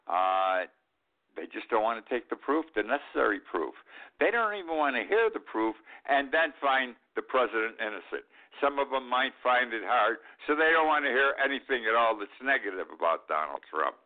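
A man's voice: mid-range voice, animated, moderate pace. An older man hosting a talk show, giving an indignant, emphatic political commentary and repeating his points. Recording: tinny phone-like line.

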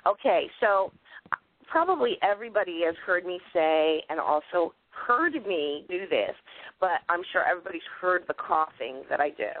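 A woman's voice: on the low side, lively intonation, moderate pace. A woman hosting a radio show, chatting casually and laughing often. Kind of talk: casual chat. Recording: phone-line audio.

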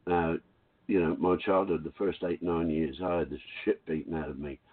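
Older guy calling into a radio show, low and husky, tinny phone line. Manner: frank, confident, unhurried storytelling. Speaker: caller. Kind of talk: talk radio call-in.

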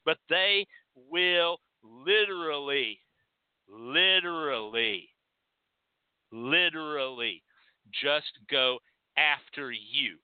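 A man with a Texan accent hosting a show, talking bluntly and sometimes profanely, acting out pleading clients in a higher voice. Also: slow pace, clean tone, no echo. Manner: animated, acts out pleading clients in a high voice. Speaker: host. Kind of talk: spoken teaching monologue. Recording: dry, tinny phone-like sound.

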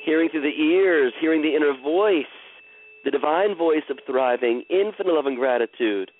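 A man coaching a caller through her feelings in a live session, with slow, soothing, repetitive guidance. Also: on the high side, narrow, tinny audio, slight background noise.

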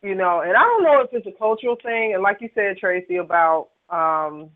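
A woman's voice: medium pitch, lively intonation, fairly quick. A woman hosting a radio panel discussion by phone. She rambles, with many fillers and restarts. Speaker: panel host. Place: on a phone call. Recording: tinny phone line.

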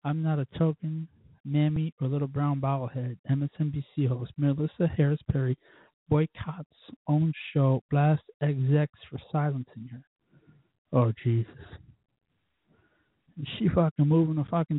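A man hosts his own podcast alone, rambling from headlines into stories. He swears constantly and mimics voices and sound effects along the way. His husky, slightly high voice sounds dry and tinny, as if over a phone line. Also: steady tone, moderate pace, pauses often, no room sound. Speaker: podcast host. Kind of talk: casual solo monologue.

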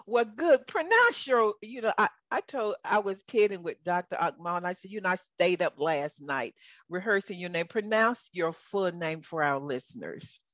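A woman's voice: lowish voice, lively intonation, normal speed, a bit bright, dry recording. A woman with a Southern accent hosting a radio interview, chatty and enthusiastic. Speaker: radio show host.

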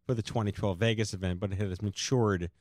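A man hosting a casual podcast chat, rambling and halting with many fillers. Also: lowish voice, fairly even intonation, dry recording. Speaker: podcast host, co-founder of the organization.

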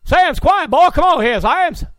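A man putting on the voice of a stern middle-aged man who keeps shouting commands for quiet in a bossy, repetitive rant. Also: extremely high pitch, animated, moderate pace, no echo, clean studio sound, voice pushed up.

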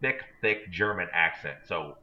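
Man, podcast co-host, casual rambling storyteller, self-deprecating, slightly low voice, dull lo-fi sound. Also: measured pace. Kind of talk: casual chat. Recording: dull lo-fi recording.

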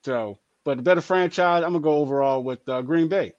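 Man, high lively voice, playful sports chat, dry slightly dull recording. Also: brisk, no room sound. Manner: animated, playful, jumps to high excited outbursts. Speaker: sports talk show co-host.

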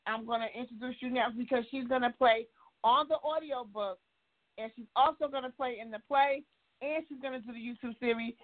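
Female host, casual chatty delivery that restarts often; higher voice over a phone-like line. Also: fairly quick. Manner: rambling, warm shout-outs, self-correcting. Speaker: show host and author. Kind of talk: casual online show talk.

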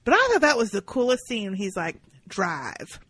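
A woman's voice: on the high side, fairly quick, slightly rough, dry recording, low-quality recording. A woman co-hosting a podcast, recapping an episode in casual chat and acting out the characters' lines. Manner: animated, acts out characters' lines. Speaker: podcast co-host.

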